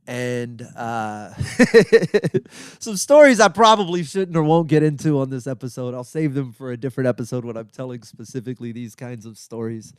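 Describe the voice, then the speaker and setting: A man's voice: mid-range voice, normal speed, smooth, no room sound, clean studio sound. A middle-aged man hosting his own podcast, answering listener questions in a rambling, chatty way with lots of fillers and asides. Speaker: podcast host.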